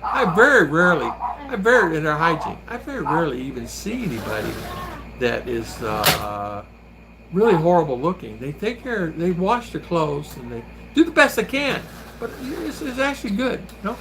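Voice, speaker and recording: A man's voice: a little high, very animated, moderate pace, a bit bright, a little hiss or hum. A man hosting a vlog, chatting casually and telling rambling stories while laughing often. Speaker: vlogger and host. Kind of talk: casual chat.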